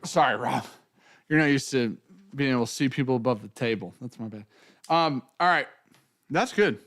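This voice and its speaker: A man's voice: medium pitch, moderate pace, fairly bright tone, dry recording. A man hosting a casual whiskey tasting, talking in a loose, joking way with plenty of swearing. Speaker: whiskey show host.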